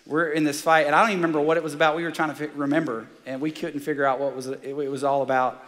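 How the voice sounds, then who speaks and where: Fired-up pastor, hall reverb. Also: male voice, a little high, racing. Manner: energetic and excitable, fired up. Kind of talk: sermon. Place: large church auditorium.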